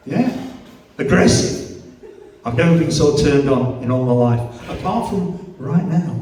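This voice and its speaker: Middle-aged Yorkshire stand-up, crude and self-mocking, live club sound from a distance. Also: male voice, fairly high pitch, expressive, unhurried, mellow, a little hiss or hum. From Yorkshire, England. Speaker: stand-up comedian. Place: comedy club stage. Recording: echoey club from far off.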